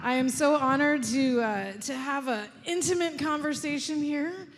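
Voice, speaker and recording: A woman moderating an onstage conversation in front of a banquet audience, gracious and unhurried. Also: high-pitched. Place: large banquet hall. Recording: echoey hall.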